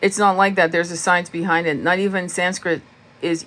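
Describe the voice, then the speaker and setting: A woman's voice: fairly low pitch, normal speed. Blunt swearing woman teaching spirituality. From United States. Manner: blunt and swearing, animated, laughs often. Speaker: tarot reader hosting a live stream. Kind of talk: casual spiritual teaching, answering chat comments.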